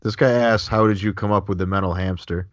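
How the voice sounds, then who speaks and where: A man's voice: fairly low pitch, fairly even intonation, brisk, no echo, muffled recording. A man co-hosting a podcast, mostly giving brief agreeing replies and reading out listener questions. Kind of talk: casual chat.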